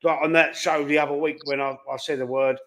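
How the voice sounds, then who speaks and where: A man's voice: fairly high pitch, flat delivery, fast talker, a bit bright. A man with a Cockney accent hosting a casual live-stream chat, telling rambling anecdotes and quoting his own back-and-forth exchanges. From London. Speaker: host.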